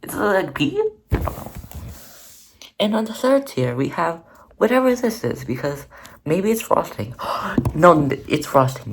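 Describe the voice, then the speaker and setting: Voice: mid-range voice, sing-song, moderate pace, a little hiss or hum. A crafting vlogger narrating their own paper project in a rambling, chatty, self-mocking way. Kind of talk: casual narrated crafting vlog.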